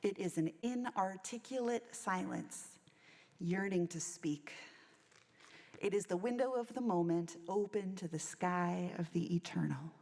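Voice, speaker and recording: Woman minister doing a sermon, kinda gravelly, churchy reverb all around. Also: on the low side, measured pace, dark tone. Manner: reflective storytelling. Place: church sanctuary.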